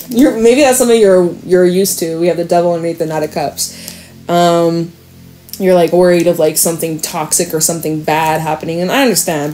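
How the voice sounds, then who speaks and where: A woman's voice: on the low side, background noise. A woman reading tarot cards to camera in a casual, chatty way, laughing often and reassuring her viewers. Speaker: tarot reader.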